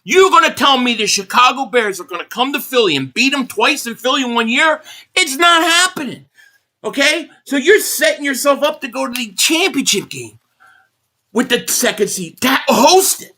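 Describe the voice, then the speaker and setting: At normal speed and with an expressive, bright, forceful tone, a furious man hosts a football reaction stream. His pitch swings widely between lines as he swears bluntly, reads viewer messages, and circles back to the same complaint.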